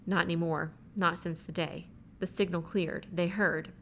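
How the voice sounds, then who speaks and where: A woman reading a novel aloud as an audiobook, in an even, measured way, voicing the characters' lines herself. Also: on the low side, slight background noise. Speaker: audiobook reader. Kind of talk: audiobook narration.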